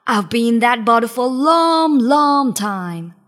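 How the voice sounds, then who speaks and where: A woman voicing a big, bad, hungry male genie who growls and shouts slowly. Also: on the high side, expressive. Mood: shouting. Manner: growling, loud and slow.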